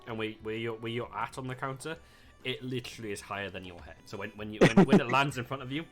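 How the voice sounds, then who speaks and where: A man's voice: mid-range voice, quick pace, faint music behind. Young man, game master narrating a tabletop session, loose and rambling. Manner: rambling, chuckling, with many fillers.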